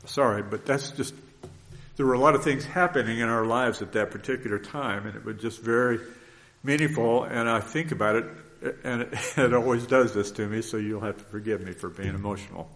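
A man's voice: mid-range voice, a little fast, fairly bright tone. A man preaching a conversational sermon in an earnest, folksy way, often restarting his sentences.

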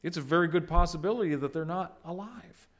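A man's voice: on the high side, fairly quick. Emphatic male preacher. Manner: swings from loud emphatic peaks to quiet asides; asks the congregation questions. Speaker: pastor. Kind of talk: sermon.

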